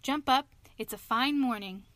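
A woman doing a hearty, brisk male water rat. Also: a little high, sharp tone, dry recording, pitched above the performer's own voice. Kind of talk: storybook reading.

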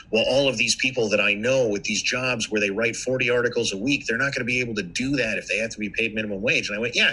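A man on a podcast who argues his point casually and keeps asking "right?" as he goes. His voice sits low and sounds husky, but it also has a very bright, forceful edge. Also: poor audio. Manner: conversational, argues with rhetorical questions. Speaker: podcast guest.

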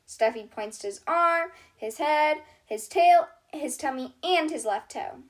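A woman hosting a channel where she reads children's storybooks aloud in a gentle voice. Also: high-pitched, animated. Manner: gentle, unhurried reading voice.

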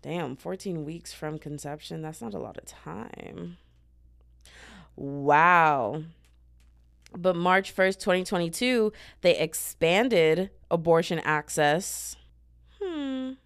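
A young woman from the States, hosting a podcast as a sassy, chatty comedic monologue with sudden loud outbursts. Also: lowish voice, takes it slowly, vocal fry. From Southern United States. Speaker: podcast host.

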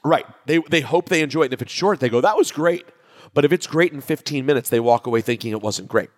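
A man with a slightly high voice and a quick pace co-hosts a podcast in a room with a long, echoey reverb. His talk is casual chat and storytelling, delivered animatedly as he acts out quotes from his friends.

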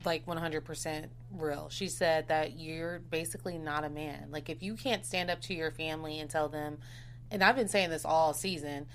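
Measured woman co-host. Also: deep voice, steady tone, a little hiss or hum. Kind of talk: casual talk show chat.

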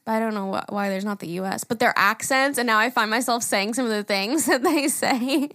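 A young woman co-hosting a casual podcast, animated, laughing often and swearing freely. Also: a little high, brisk, no echo, clean studio sound. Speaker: podcast co-host, daughter-in-law. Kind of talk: casual chat.

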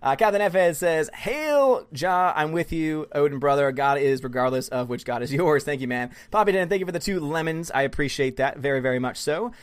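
A man hosts a casual live stream, reading viewer comments aloud and reacting to each one. He talks fast and excitably and gushes with enthusiasm. His voice sits a little high for a man. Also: smooth. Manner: fast-talking, excitable, gushing. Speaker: livestream host reading chat; student and musical theater performer.

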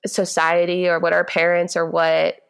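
A woman in her twenties, a podcast guest, telling a story in a chatty, animated way with a gentle voice. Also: fairly low pitch, normal speed, creaky, smooth. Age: 20s. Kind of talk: casual chat, storytelling.

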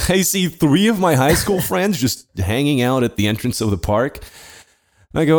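A man's voice: a little high, normal speed. A man co-hosting a podcast, telling a story casually with lots of swearing and laughter. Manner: profane, animated, laughing while telling. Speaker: podcast co-host.

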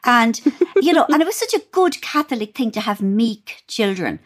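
A woman with an Irish accent chatting as a guest author, telling lively stories and laughing as she talks. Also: a little high, moderate pace. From Ireland. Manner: animated storyteller, laughs while talking. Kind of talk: casual chat.

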